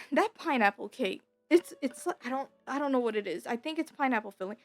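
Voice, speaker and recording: A woman's voice: high voice, lively intonation, moderate pace, soft background music. Bitter, rambling young woman. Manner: rambling, repeats herself, swears freely; bitter and emotional, voice rising when upset. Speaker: streamer. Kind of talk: casual personal storytelling.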